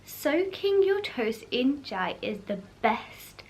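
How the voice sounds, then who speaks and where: Chatty young woman, high voice. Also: sing-song, slow pace, creaky. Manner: chatty, lots of fillers and laughter. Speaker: vlog host. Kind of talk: casual chat to camera.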